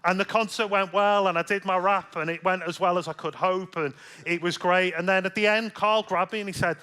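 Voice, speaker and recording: A man's voice: high voice, fairly even intonation, fairly quick, sharp tone, smooth. A man preaching a sermon as pastor, telling stories in a chatty way with self-deprecating humor, a little stuffy from a slight cold.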